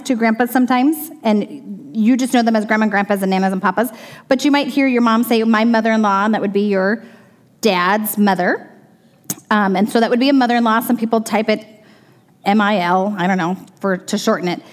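A middle-aged woman teaching a Bible story to children in a lively way, stopping to ask the kids questions. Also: on the high side. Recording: long reverb of a large room.

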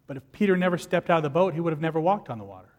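A man preaching a sermon as pastor, lively and animated, acting out the people in his stories. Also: on the high side, rapid-fire, big-room sound, dull audio.

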